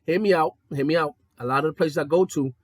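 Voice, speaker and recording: A young adult man telling profane stories in a casual monologue, jumping between high excited tones and low mocking ones. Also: quick pace, no echo, clean studio sound. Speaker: podcast host.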